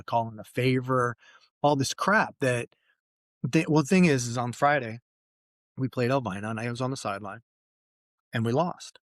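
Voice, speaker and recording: Guest coach, man in his forties, mid-pitch, candid and joking storyteller, dry close mic. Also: dry recording. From Fresno, California. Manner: candid, self-deprecating, jokey storyteller. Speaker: mental performance coach, guest. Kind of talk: storytelling in a podcast interview.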